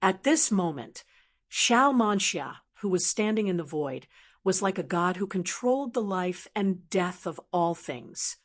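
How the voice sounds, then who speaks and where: A woman's voice: lowish voice, animated, a little slow. Woman narrating a fantasy audiobook.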